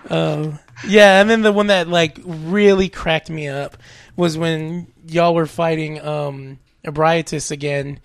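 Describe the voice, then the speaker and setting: A man's voice: on the high side, slow, vocal fry. A man co-hosting a podcast, laughing often as he tells stories in casual chat. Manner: laughs often, animated storytelling. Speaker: podcast co-host.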